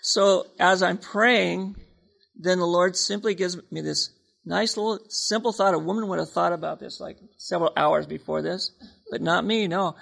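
A man speaking at a sermon in a high voice with a heavy gravelly rasp. He talks in a conversational way and jokes at his own expense. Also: moderate pace, fairly bright tone. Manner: conversational, self-mocking humor. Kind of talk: storytelling sermon.

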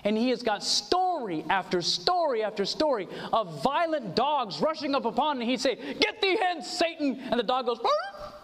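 A man preaches an earnest sermon, quoting scripture and asking for amens. His voice sits very high and moves a lot in pitch. A long reverb trails his words, as in a large hall. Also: big pitch swings, normal speed, few pauses.

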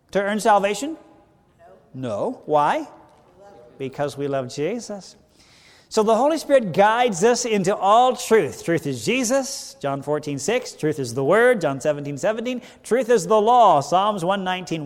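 Guy preaching a bible study, higher voice, lots of q and a with the crowd, long echo from the hall. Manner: preacherly, asks the audience questions and answers them, wide swings in loudness. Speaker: pastor.

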